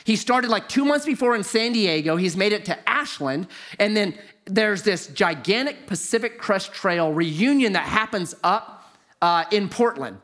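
A middle-aged man telling a personal story in a lively, exaggerated way, swinging into loud disbelief. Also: high voice, unhurried.

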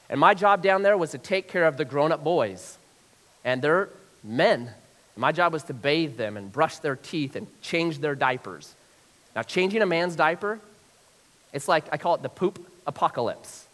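A middle-aged male pastor preaching a sermon, telling a story and acting out his own past voice with lively swings. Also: on the high side, in a large hall.

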